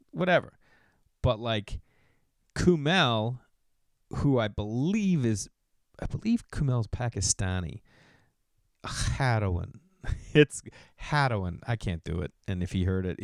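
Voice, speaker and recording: A man's voice: fairly low pitch, measured pace, no room sound, studio quality. A middle-aged man hosting a podcast, telling loose, digressive comedic stories in a solo monologue. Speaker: podcast host.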